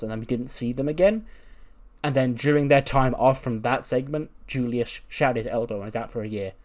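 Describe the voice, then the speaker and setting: A man at a middling pitch narrates his wrestling management game run in loose, casual commentary. He rambles through it with plenty of ums and restarts. He also voices the wrestlers himself. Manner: rambling, filler-heavy, chuckling. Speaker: let's-play host.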